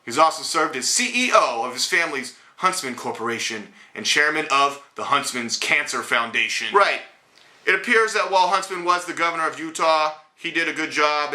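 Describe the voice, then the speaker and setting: Blunt, indignant man ranting, bright voice. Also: mid-range voice, brisk, echoey room. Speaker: host of a political commentary show. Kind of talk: ranting political commentary.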